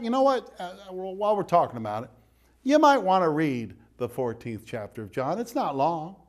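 A man, a priest, giving a conversational sermon with direct asides to his listeners. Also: high-pitched.

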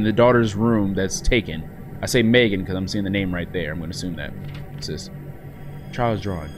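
A man giving slangy, excitable commentary while playing a horror game at home, swinging from low mutters to sudden yelps. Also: a little hiss or hum. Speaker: gaming channel host. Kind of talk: let's play commentary. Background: horror game music and sounds.

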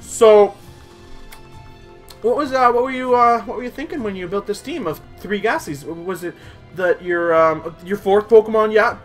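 A man's voice: high voice, moderate pace, soft background music. A man chatting playfully through a let's play, singing silly little ditties as he goes. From Canada. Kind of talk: casual gameplay commentary.

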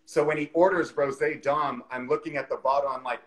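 A man in his forties, a real estate expert, telling a story in a casual interview over a video call, with lively fillers like "you know" and "like". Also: a little high, fairly quick, rough recording. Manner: animated, chatty anecdote telling with many fillers.

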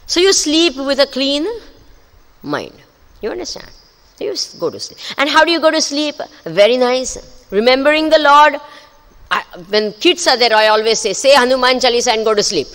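Lively spiritual teacher woman in a hall. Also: on the high side, moderate pace. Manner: questions the audience often, laughs between points. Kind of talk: spiritual discourse to a live audience. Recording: long hall reverb.

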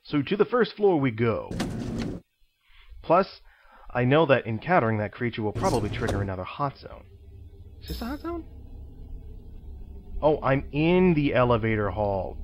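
A man's voice: mid-range voice, sing-song, moderate pace, dull audio, noisy background. Chatty man narrating a game. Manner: chatty, talks to himself and viewers; playful teacher-like asides. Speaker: let's play host. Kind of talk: casual game commentary.

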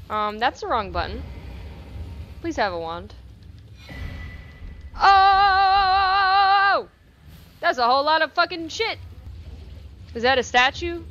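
A young woman giving casual, profane gameplay commentary with sudden excited outbursts. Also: a little high, highs cut off, a little hiss or hum. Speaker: gaming channel host.

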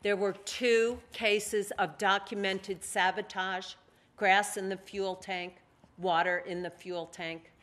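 Slow-speaking woman author giving a talk. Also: medium pitch, flat delivery, fairly bright tone. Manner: slow, measured, reading aloud. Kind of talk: lecture with read-aloud passages. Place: museum library talk.

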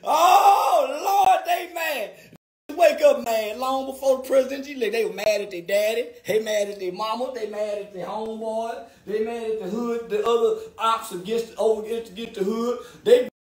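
A man ranting to camera in a loud, theatrical comedic vlog, with exaggerated mock-crying and preaching. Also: sits high, steady tone, brisk, hardly any pauses. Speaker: vlogger. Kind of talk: comedic celebratory rant to camera.

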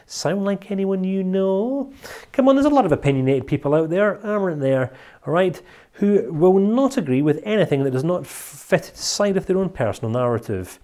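Lively Scottish male lecturer. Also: a little high, normal speed. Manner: chatty, jokey, lively. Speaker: teacher. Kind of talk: recorded course lecture.

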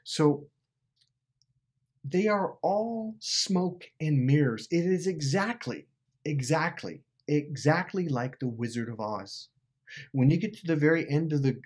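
Husky man ranting profanely to camera. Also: mid-range voice, a little mellow. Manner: profane, emphatic, repeats himself. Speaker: YouTuber. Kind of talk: casual rant to camera.

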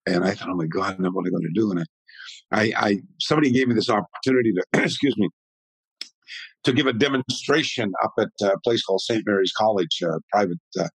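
A man in his sixties speaks in a low, slightly husky voice. He tells long, rambling stories as an interview guest with animated energy. The sound is dry, with no room echo. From Canada. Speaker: guest, martial arts historian. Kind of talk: conversational storytelling.

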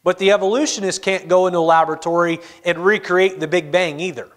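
A man's voice: high voice, steady tone, fast talker, fairly bright tone. A man preaching a sermon as pastor, asking the congregation questions and acting out their answers. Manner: asks the congregation questions, acts out their replies. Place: church auditorium. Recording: long church reverb.

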